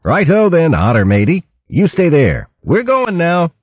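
A man's voice: fairly high pitch, wildly swooping pitch, unhurried, breathy edge, lo-fi sound, pitched above the performer's own voice, heavily acted. Gonff, a man doing a jaunty mouse thief. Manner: jaunty and mock-nautical. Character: crafty young male mouse thief, jaunty.

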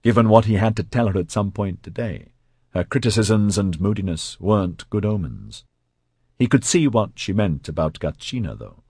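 Male audiobook narrator, low and husky, dry close mic, steady read. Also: moderate pace, dry recording. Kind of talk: scripted narration.

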